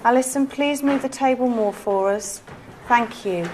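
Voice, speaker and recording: Woman, high-pitched, gently coaxing séance leader. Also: measured pace, a little hiss or hum. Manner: soft, coaxing, pleading questions. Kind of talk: ghost-hunt séance questioning.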